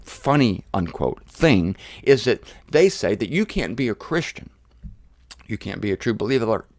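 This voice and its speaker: A middle-aged man preaching an informal sermon series, conversational and animated, mimicking his critics. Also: medium pitch, dry recording, clean studio sound.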